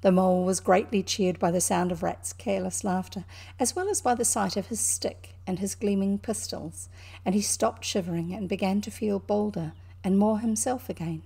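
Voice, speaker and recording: A woman with a New Zealand accent reading a classic children's book aloud, pausing now and then to explain words to young listeners. Her voice is mellow and husky, with a gravelly edge. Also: mid-range voice. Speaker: storybook reader.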